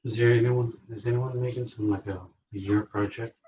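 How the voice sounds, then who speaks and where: A man's voice: mid-range voice, fairly even intonation, moderate pace, mellow, recorded from a distance, lo-fi sound, slight background noise. A man chiming in off camera with brief, offhand remarks during a live stream.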